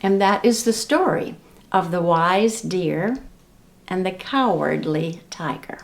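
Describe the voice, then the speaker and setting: Slow, gentle woman reading to children. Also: lowish voice, gravelly. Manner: gentle, expressive, teaching children. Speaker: children's librarian. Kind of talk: storytime read-aloud and sing-along.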